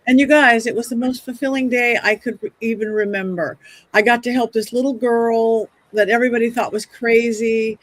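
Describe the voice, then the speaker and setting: A woman with a notably high voice tells stories in a lively, chatty podcast style, tumbling through quick restarts as she goes. She sounds middle-aged and speaks as a psychic medium guest. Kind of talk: casual podcast storytelling.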